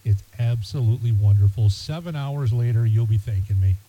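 A man's voice: mid-range voice, fairly quick, mellow, dull audio, a little hiss or hum. A man hosting a radio show, talking casually and rambling with many fillers and restarts. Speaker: radio host. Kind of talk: casual talk radio monologue.

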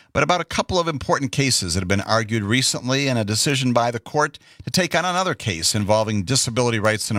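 A man's voice: mid-range voice, fairly bright tone, dry recording, studio quality. Man hosting a talk radio show. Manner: measured, explanatory.

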